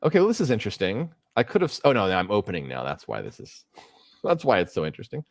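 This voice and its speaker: A man's voice: fairly low pitch, huge pitch swings, quick pace, gravelly, no room sound, clean studio sound. A middle-aged man hosting a casual live stream, thinking aloud as he works, rambling with fillers. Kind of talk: casual livestream chat while working.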